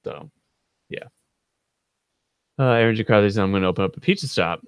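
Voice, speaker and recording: A man in his thirties hosts a live stream, speaking in a fairly low, lively voice at a quick clip, and the clean studio recording has no echo. He rambles through funny stories about a friend, laughing often and raising his voice to quote people.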